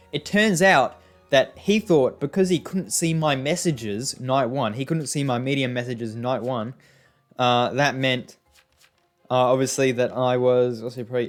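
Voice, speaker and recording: A man's voice: medium pitch, moderate pace, soft background music. A young man giving casual, rambling gameplay commentary, often exasperated, with many fillers and restarts. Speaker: gaming YouTuber.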